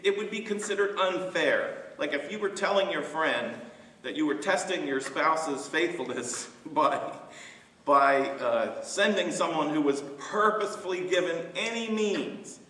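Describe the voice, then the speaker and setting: A man who is a pastor, leading a Bible study discussion in a halting way, with many fillers and restarts. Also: on the high side, expressive, bright, forceful tone. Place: church sanctuary. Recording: echoey church hall, mic from far off.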